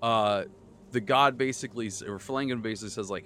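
Energetic low-voiced man recapping his game. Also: quick pace, a little hiss or hum. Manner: excitable, rambling, swears casually. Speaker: game master and podcast host. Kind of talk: casual chat recapping a tabletop campaign.

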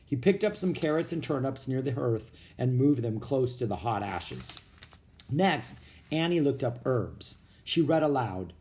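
Male narrator, children's read-aloud, mid-pitched, very lively inflection. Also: unhurried. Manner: expressive storytelling. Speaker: audiobook narrator.

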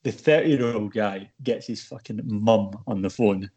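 A man's voice: fairly low pitch, a little slow, mellow, breathy edge, lo-fi sound. A man, chatting casually on a podcast and telling a blunt, sweary story. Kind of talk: casual chat.

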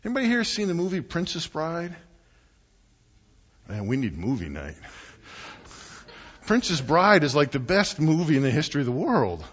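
Animated, conversational male pastor preaching. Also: on the high side, normal speed, long pauses, slightly rough, dull audio. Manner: animated, conversational, rhetorical questions to the congregation. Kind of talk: sermon.

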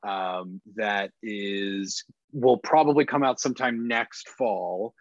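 A man who is a guest on a casual podcast, talking in a relaxed, rambling way with lots of fillers. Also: lowish voice, slow pace, no echo, highs cut off. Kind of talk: casual chat.

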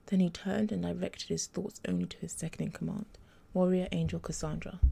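Gravelly, low-voiced woman narrating a story. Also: steady tone, brisk, mellow. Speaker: author reading her own story. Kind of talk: audiobook narration.

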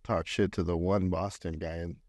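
A laid-back man in his thirties co-hosts a casual podcast, spinning stories with a joking, easygoing delivery. His voice sits on the low side and is recorded close and dry. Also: flat delivery, moderate pace, darkish tone, dry recording. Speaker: podcast co-host. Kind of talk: casual chat.

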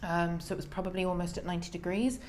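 Lively woman telling a story. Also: on the low side, rapid-fire, slight background noise. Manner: animated, acts out the people she quotes. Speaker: podcast guest. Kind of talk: personal storytelling in an interview.

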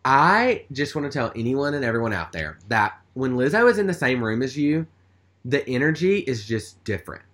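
A man's voice: medium pitch, big pitch swings, normal speed, a bit bright. A man telling a story in casual chat, rambling with lots of fillers. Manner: rambling, chatty, with many fillers.

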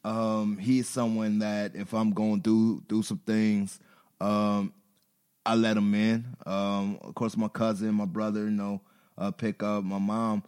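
A man's voice: fairly low pitch, measured pace, clean tone. A man, a rapper and podcast guest, telling personal stories candidly, emotional and laughing, with casual cursing. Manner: emotional, laughing, expressive storytelling with curses. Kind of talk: candid storytelling chat.

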